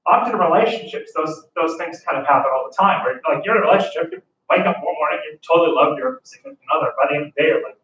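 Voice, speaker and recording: A man's voice: fairly high pitch, expressive, very fast, few pauses, fairly bright tone, highs cut off. A man teaching a history class in a casual, joking, enthusiastic lecture style, full of fillers. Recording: echoey room, voice from a distance.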